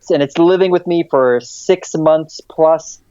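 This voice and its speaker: A man co-hosting a podcast in casual chat, halting and repeating his words. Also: fairly high pitch, dark tone, clean tone, no echo. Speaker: podcast co-host. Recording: dull, muffled mic.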